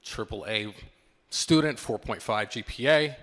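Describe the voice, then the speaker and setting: A man's voice: medium pitch, measured pace, a bit bright. Man giving an engaging talk in a reverberant hall. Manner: engaging, quizzes the audience. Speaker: keynote speaker. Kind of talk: motivational talk to a live audience. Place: conference hall with live audience.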